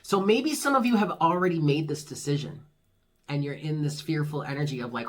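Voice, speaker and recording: A tarot reader with a husky, breathy voice talks through a casual monthly reading. The delivery is blunt and swears freely. It cheers the listener on like a friend. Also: mid-range voice, a little fast. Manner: frank, swears casually, reassuring and pep-talking; laughs at own jokes.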